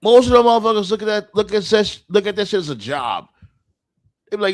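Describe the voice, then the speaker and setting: A high-voiced man rants animatedly through a casual podcast chat. He swears freely and leans on street slang. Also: brisk. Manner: profane, animated ranting with slang. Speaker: podcast co-host.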